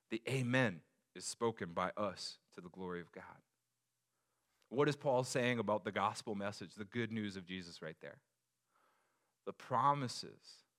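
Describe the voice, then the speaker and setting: A man in his thirties, a pastor preaching a sermon, telling a family story with lively acted-out voices. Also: medium pitch. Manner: animated storyteller, acts out voices. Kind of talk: sermon with personal stories.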